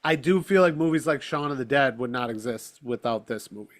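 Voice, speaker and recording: Man, mid pitch, easygoing chatty panelist. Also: a little fast. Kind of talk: casual panel chat.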